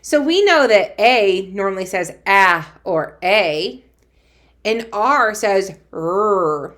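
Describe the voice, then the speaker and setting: A woman's voice: mid-range voice, expressive, slow, a bit bright. A woman teacher giving a cheerful phonics lesson to young children, sounding out letters and praising them.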